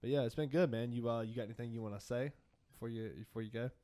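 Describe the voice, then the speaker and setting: A man's voice: mid-range voice, racing, warm tone. A man co-hosting a podcast in a studio, chatting casually and laughing through crude stories. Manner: laughs through his stories, swears freely. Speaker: podcast co-host.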